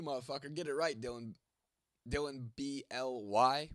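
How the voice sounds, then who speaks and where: A man's voice: mid-range voice, moderate pace, dry recording, clean studio sound. Congested, profane young man. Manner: profane, blunt, joking with viewers. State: congested, voice going, coughing. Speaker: livestream host reading chat. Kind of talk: casual livestream chat.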